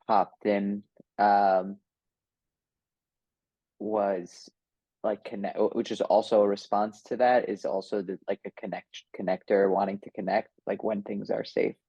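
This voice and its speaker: A man in a group session, haltingly searching for words as he describes an inner experience. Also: lowish voice, flat delivery, husky, no room sound, dull audio. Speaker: participant.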